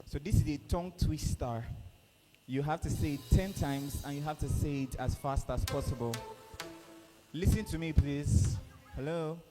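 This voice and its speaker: A man's voice: on the high side, normal speed, loud music behind the voice. A man with a Nigerian accent hosting a live conference event, coaxing the crowd and running games. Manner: lively, coaxing crowd and players. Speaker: event host. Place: conference hall. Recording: echoey hall with faint noise.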